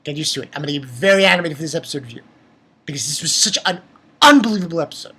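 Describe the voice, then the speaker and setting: A woman giving an excited anime episode review, talking in an animated way with exclamations and swearing. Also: low voice, very fast, husky.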